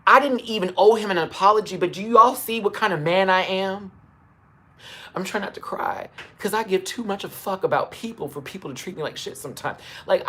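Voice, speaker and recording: A man's voice: high voice, fairly bright tone, husky. A man telling a story on a live stream into a phone camera, emphatic and swearing as he retells it in detail. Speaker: livestreamer.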